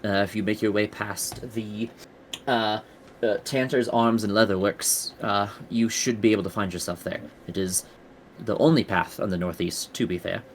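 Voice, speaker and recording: A man's voice: fairly low pitch, fairly even intonation, normal speed, slight background noise, lightly acted. A man playing a chatty tavern woman. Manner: chatty, rambling, polite. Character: friendly woman tavern keeper.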